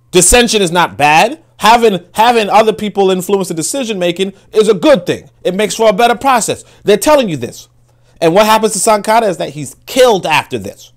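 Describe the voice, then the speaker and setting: A man with a fairly high voice, talking in a loose, emphatic commentary style. He swears freely and often repeats himself while working out a point, driving each claim home. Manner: emphatic, profane, repeats words while thinking. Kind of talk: casual commentary with read-aloud quotes.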